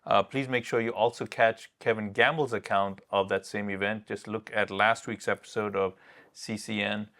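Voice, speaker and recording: A male talk show host with a fairly low voice. He steps in with short, direct remarks to wrap up and steer the segment. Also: little pitch movement, moderate pace, fairly bright tone.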